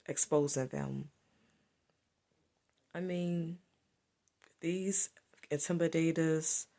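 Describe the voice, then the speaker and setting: A woman's voice: low voice, vocal fry, a little mellow. A woman giving a solo spiritual monologue to camera, repetitive and emphatic as she accuses. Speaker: spiritual vlogger.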